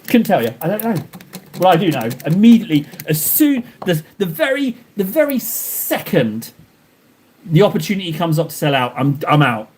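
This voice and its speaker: A young man rambles to his stream chat while he paints, joking at his own expense. His voice sits a little on the high side, and he talks in loose, looping sentences full of restarts. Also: very animated, moderate pace, darkish tone, a little hiss or hum. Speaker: live streamer painting miniatures. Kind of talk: casual live-stream chat.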